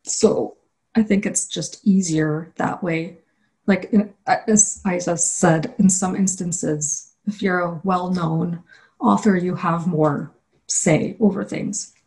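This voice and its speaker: A woman who illustrates children's books, answering interview questions in a candid, relaxed way. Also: fairly low pitch, slow.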